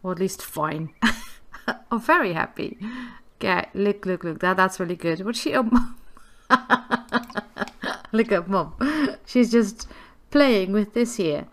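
A woman gives casual gameplay commentary for her videos, chatty and giggly, cooing affectionately at the characters on screen. Her medium-pitched voice is slow and pauses often.

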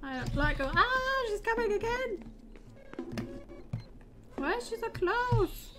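A woman's voice: very high-pitched, sing-song, slow. A woman playing a horror game and commenting, nervous and jumpy, laughing and squealing repeated panicked no's over the game music. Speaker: let's play gamer.

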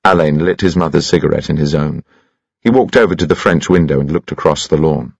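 Deep gravelly male audiobook narrator. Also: no room sound. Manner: expressive, measured storytelling. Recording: dry, slightly dull lo-fi.

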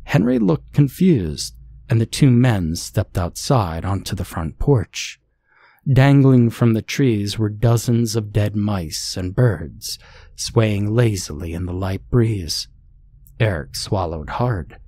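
Low, husky horror story narrator. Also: male voice, animated, slow, dark tone, no room sound. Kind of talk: scripted narration.

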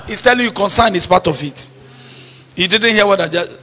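A man's voice: high-pitched, lively intonation, fast talker, pushed and bright, slightly rough, big-room sound. A man preaching a sermon as pastor, stressing points and asking the congregation to repeat his lines back. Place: church.

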